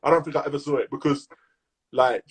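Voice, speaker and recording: A man with a London accent co-hosting a podcast, chatting casually in lively slang and hyping his listeners. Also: on the high side, fast, husky. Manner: animated slang-heavy banter, hyping listeners. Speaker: podcast co-host. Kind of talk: casual chat.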